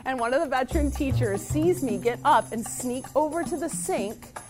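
A woman teacher telling a personal story in a lively, self-mocking way. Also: high-pitched, moderate pace, over music.

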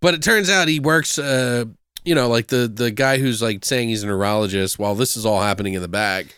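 Smooth-voiced man, casual movie chat. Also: medium pitch, brisk, a bit bright, dry recording, clean studio sound. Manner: profane, rambling, laughs often.

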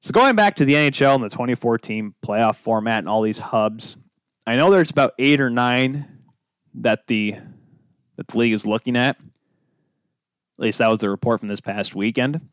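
A man's voice: medium pitch, moderate pace, pauses often, clear, resonant tone, no echo, studio quality. A man hosting his own sports podcast alone, talking casually and drifting off on tangents with self-deprecating asides. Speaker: podcast host. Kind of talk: solo podcast monologue.

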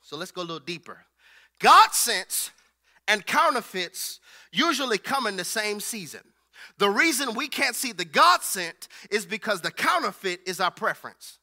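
A male preacher with a very high, piercing voice delivers a sermon. He stacks repeated phrases in a driving rhythm and calls for the congregation to answer him. His tone is bright and edgy. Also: big pitch swings, normal speed. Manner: rhythmic repetition, call and response.

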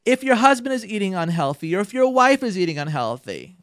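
Man, radio advice host, lively swooping delivery, somewhat high voice, emphatic and instructive, dry close sound. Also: brisk, hardly any pauses, dry recording. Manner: animated, acts out spouses' lines in quoted voices, repeats words for emphasis; emphatic and instructive, addresses listeners directly. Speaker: radio show host giving marriage advice.

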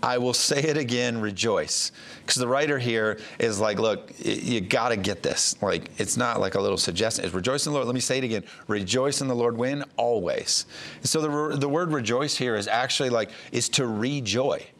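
A man's voice: medium pitch, moderate pace, a bit bright. A man from the United States, a pastor giving a conversational sermon, plain-spoken with frequent fillers and restarts.

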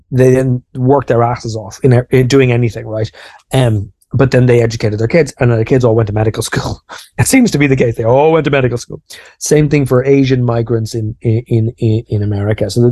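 A man's voice: mid-range voice, warm tone, dry recording. Irish man explaining in dry, close sound. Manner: informal and self-deprecating, explaining with lots of restarts. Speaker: podcast co-host. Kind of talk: casual podcast chat.

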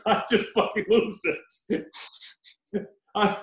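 A man in casual chat, retelling a film with animated, profane storytelling and acted-out lines. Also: high voice, slow pace, long pauses, roomy sound, poor audio.

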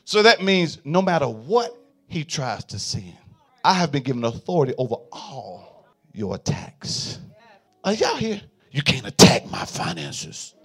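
A male pastor preaching a sermon in a call-and-response style, swinging from quiet murmurs to fervent shouts. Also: fairly high pitch, huge pitch swings, measured pace, husky.

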